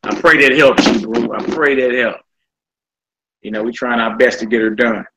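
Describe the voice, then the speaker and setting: A man, teaching a live-streamed lesson in a loose, chatty way. His pitch sits in the middle range, and he talks to his viewers like family. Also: steady tone, normal speed, slight background noise, poor audio.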